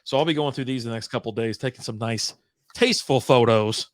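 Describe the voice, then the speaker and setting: A man from Kentucky co-hosting a casual beer livestream, relaxed and chatty. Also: medium pitch, brisk, no room sound. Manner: relaxed, chatty, laughs easily. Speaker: co-host of a beer stream.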